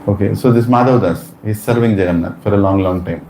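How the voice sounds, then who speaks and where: A man's voice: lowish voice, fairly quick, warm tone, reverberant, slight background noise, rough recording. A man telling a devotional story in a religious lecture, acting out the characters' lines.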